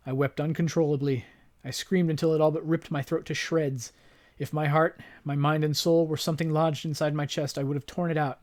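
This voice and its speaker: Dramatic, higher-voiced male gamer reading aloud. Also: little pitch movement, a little fast. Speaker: gaming channel host. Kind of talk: reading game story text aloud.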